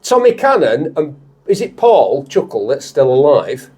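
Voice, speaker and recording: A man's voice: mid-range voice, very animated, a little mellow, slightly rough. A man with a Lancashire accent hosting a car show, chatting and joking in a moving car. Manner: jokey, rambling, quick to laugh. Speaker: host. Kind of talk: casual banter in a car.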